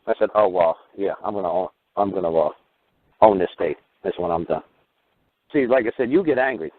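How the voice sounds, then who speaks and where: A man hosting a call-in radio show, talking in a rambling way and acting out little dialogues with sudden jumps in pitch. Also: animated, fairly quick. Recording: tinny phone-like radio audio.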